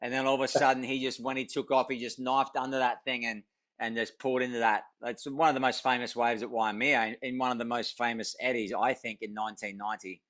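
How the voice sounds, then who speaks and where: A man's voice: mid-range voice, flat delivery, quick pace, a bit bright. Man hosting a casual podcast interview. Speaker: podcast host.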